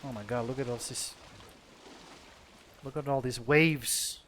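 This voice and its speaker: Young man from finland, game stream chatter, rambling and profane, talks to himself, medium pitch. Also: steady tone, unhurried, a bit bright. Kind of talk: casual gameplay commentary.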